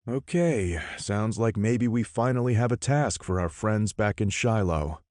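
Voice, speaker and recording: A man's voice: lowish voice, expressive, a little slow, a little mellow, no room sound, clean studio sound, pitched above the performer's own voice. A man voicing a determined, blunt male team leader in an audiobook, firm and clipped.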